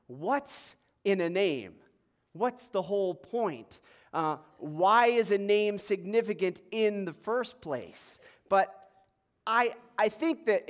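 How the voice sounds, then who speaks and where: A male pastor with a tenor voice, preaching a sermon in a conversational way with light self-deprecating humor. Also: sits high.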